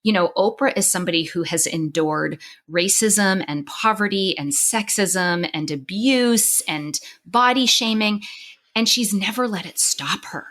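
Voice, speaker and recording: A woman's voice: medium pitch, measured pace, a bit bright. A middle-aged woman host speaking in an ordinary mid-range voice, talking candidly and with feeling. She restarts often and leans on fillers as she shares a personal story, and at moments her voice breaks with tears. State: crying at times. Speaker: podcast host and psychologist.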